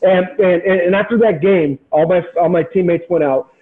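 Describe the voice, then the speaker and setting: A high-voiced man in his forties tells a story with driving, motivational intensity. His sound is thin and tinny, as if it came over a phone line. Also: normal speed. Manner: animated, intense, motivational, repeats words when excited. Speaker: podcast guest, former pro baseball player. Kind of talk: storytelling in casual interview.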